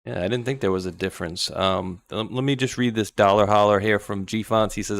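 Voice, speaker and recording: A man's voice: on the low side, fairly quick, creaky, few pauses. A man hosting a casual political talk stream, chiming in briefly and reading viewer donations aloud. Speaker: host.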